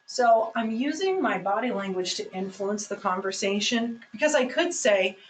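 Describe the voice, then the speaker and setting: A woman's voice: mid-range voice, expressive, normal speed, few pauses, poor audio. Emphatic woman coaching sales staff. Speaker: sales trainer. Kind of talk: training presentation.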